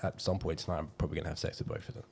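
A man's voice: a bass voice, flat delivery, rapid-fire, gravelly, darkish tone, slightly rough. A man who coaches confidence, telling a candid story on a casual podcast, laughing and acting out what people said. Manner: candid, laughing, acts out quoted dialogue.

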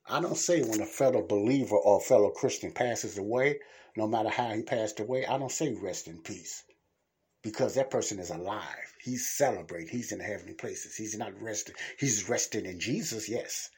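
A man's voice: on the low side, normal speed, darkish tone, husky. A man hosting his own podcast, giving a blunt, plain-spoken Christian teaching in a casual talk. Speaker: podcast host.

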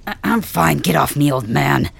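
A performer voicing a stubborn, wounded young male dragon king in an ASMR role-play, gruff and brusque, swearing through the pain. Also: mid-range voice, expressive, moderate pace, exaggerated voice.

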